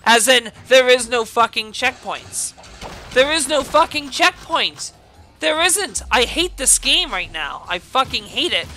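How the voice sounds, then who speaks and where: A woman hosting a gaming video, giving loud, furious gameplay commentary full of swearing. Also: high voice, expressive, unhurried, faint music behind.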